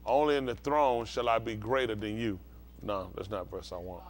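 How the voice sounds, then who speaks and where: Over slight background noise, a man with a fairly low voice teaches scripture as a pastor at normal speed and fairly even intonation. His call-and-response preaching keeps checking that the listeners understand.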